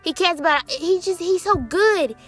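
A young woman, casually sharing a Christian testimony in an excited, chatty way, with many fillers and quoted dialogue. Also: extremely high pitch, normal speed, soft background music.

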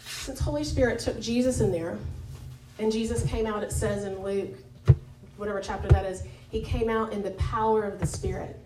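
Speaking at a moderate pace with medium pitch and fairly even intonation, a women's Bible study leader gives an informal devotional teaching, candid and chatty, full of fillers and self-corrections. The distant pickup in an echoey church meeting room includes background noise.

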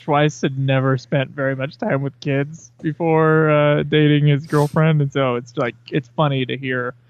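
Male podcast co-host, somewhat high pitch, wry teasing delivery. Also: level tone, moderate pace, dull audio. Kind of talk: casual chat.

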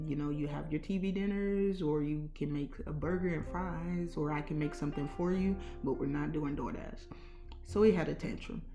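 A woman with a low, mellow voice hosts a casual advice podcast. She talks earnestly, repeating her key points and slowing down to stress them. Faint guitar music plays behind her. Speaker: podcast host, parent caregiver.

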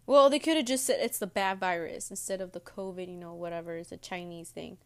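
A woman's voice: fairly low pitch, fairly quick, smooth. A young woman vlogger rambling casually to her viewers while eating cereal between words. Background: audible munching on cereal.

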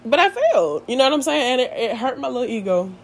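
A young woman chatting to her viewers in a lively, slangy storytime, laughing often. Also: high voice, fast talker, slight background noise. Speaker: vlogger. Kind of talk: casual storytime chat.

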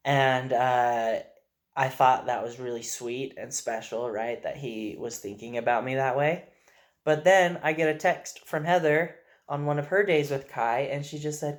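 A father speaking in a casual video message, telling gentle, earnest stories about his young son. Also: medium pitch, steady tone, a little slow.

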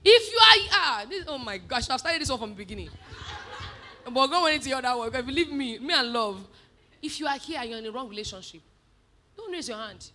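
A woman preaching a sermon, animated, moving from soft asides to shouted emphasis. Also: fairly high pitch, brisk, a little hiss or hum.

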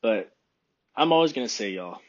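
Husky, phlegmy man rambling on a podcast. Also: fairly low pitch, moderate pace, muffled recording. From Texas. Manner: rambling, relaxed, frequent throat clearing. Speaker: podcast host. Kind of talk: casual solo podcast chat. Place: room by a window.

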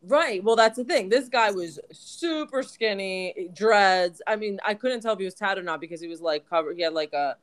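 A woman's voice: medium pitch, moderate pace, hardly any pauses. A woman co-hosting a podcast, telling a story in casual chat, full of "like" fillers. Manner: chatty storyteller, many "like" fillers. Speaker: podcast co-host.

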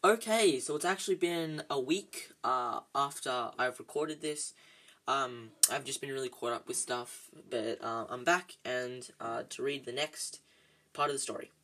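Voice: medium pitch, unhurried, fairly bright tone, poor audio. Casual read-aloud podcast host. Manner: casual, with fillers and stumbles.

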